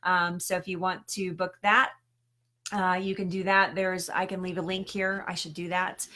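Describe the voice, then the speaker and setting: A woman's voice: lowish voice, flat delivery, moderate pace, noisy background. A woman health coach chatting casually on a live stream, answering questions with lots of ums and restarts and frequent laughs.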